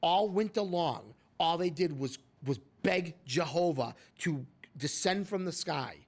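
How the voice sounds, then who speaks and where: A man hosts a casual podcast. He talks in an opinionated, emphatic way and keeps turning to address his co-host by name. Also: a little high.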